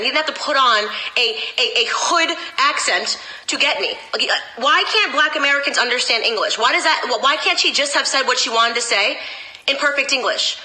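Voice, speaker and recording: A woman's voice: high voice, bright, forceful tone, low-quality recording. A woman political commentator talking straight to camera in a sarcastic, emphatic rant.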